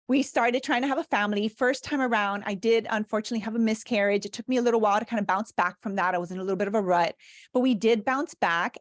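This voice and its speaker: A woman in her thirties, from Cuba, telling a personal story in a lively talk and acting out bits of the dialogue. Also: medium pitch, no echo, clean studio sound. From Cuban. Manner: animated storyteller, laughs often, acts out dialogue. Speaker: speaker and leadership consultant.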